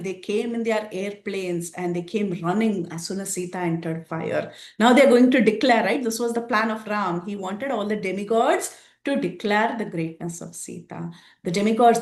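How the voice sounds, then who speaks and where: Woman teaching a scripture class, roomy sound. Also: mid-range voice. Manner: animated storytelling with frequent laughs.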